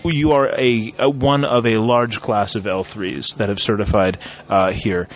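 A man's voice: lowish voice, fairly even intonation, unhurried. A man interviewing people casually, chatty and full of fillers and restarts.

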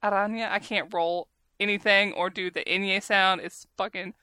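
A woman's voice: mid-range voice, fairly even intonation, measured pace, bright, forceful tone, dry recording. A woman with a Southern US accent, co-hosting a casual podcast chat, chatty and self-deprecating. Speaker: podcast co-host.

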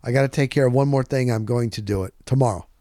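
A man hosting a podcast, telling a rambling, excitable story in a casual monologue and punching points with "boom.". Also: quick pace, dry recording, studio quality. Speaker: podcast host.

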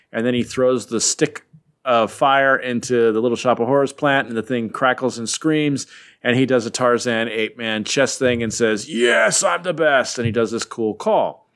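A man's voice: mid-range voice, a bit bright, clean tone. A man casually recapping a comic story as a podcast host, in a rambling, jokey way with frequent filler words. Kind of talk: casual chat.

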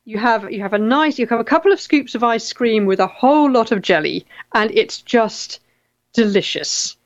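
A woman's voice: a little high, animated, normal speed, no room sound, lo-fi sound. A middle-aged English woman hosting a casual chat, reading out viewer comments and often repeating her words. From England.

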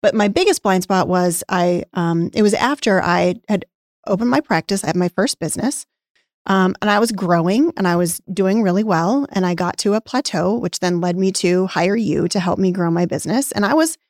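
A woman's voice: on the low side, moderate pace, a little mellow, no room sound, studio quality. A woman co-hosting a casual podcast, candidly telling a personal story and acting out past conversations, getting emotional at times. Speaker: podcast co-host, former nutrition practice owner.

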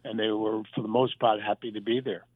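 Man guest, phone-line interview, animated storyteller who mimics voices, tinny and dry. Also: lowish voice, a little fast, husky, no echo. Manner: animated anecdotes, acts out quoted voices. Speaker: guest, former sitcom writer and warm-up comic.

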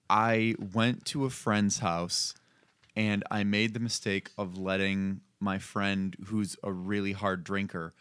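A man telling a story in relaxed podcast chat, chuckling as he goes. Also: fairly low pitch, clear, resonant tone, no echo, clean studio sound. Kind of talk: casual chat.

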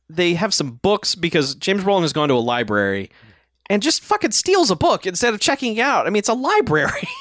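Lively male podcast co-host, chatty and jokey, dry mic. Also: high-pitched, normal speed, no echo. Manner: animated, laughing, swearing, acts out quotes. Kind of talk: casual movie recap chat.

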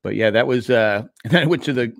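Middle-aged guy rambling on a podcast, dry sound, normal pitch. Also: fast, vocal fry, no room sound. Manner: rambling storyteller, restarts and laughs. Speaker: podcast co-host. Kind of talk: casual chat.

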